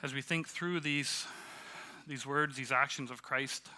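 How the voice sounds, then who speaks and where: A man from Canada giving a casual, halting sermon at a church, self-deprecating and full of fillers. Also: medium pitch, fairly even intonation, bright, forceful tone. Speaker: guest preacher. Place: church hall.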